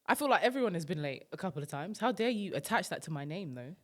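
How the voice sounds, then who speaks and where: A young woman co-hosting a podcast, ranting in animated, emphatic casual chat. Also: fairly low pitch, quick pace. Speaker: podcast co-host.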